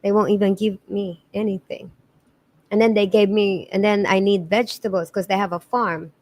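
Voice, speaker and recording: A woman's voice: medium pitch, fairly even intonation, normal speed, darkish tone. A middle-aged woman with a Filipino accent, a podcast guest telling her life story in an earnest way, with many restarts and repeated words. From Philippines. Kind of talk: emotional storytelling in conversation.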